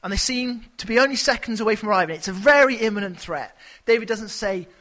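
A man preaching a sermon in a chatty, animated way, with quick asides and playful voices. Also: sits high, low-quality recording. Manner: conversational and animated, with sudden shouted character voices.

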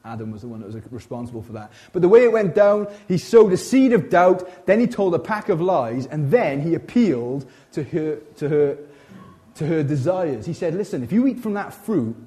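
Chatty preacher, warm mellow tone. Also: male voice, fairly high pitch, moderate pace. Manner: animated, chatty, frequent self-interruptions and asides. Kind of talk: informal sermon.

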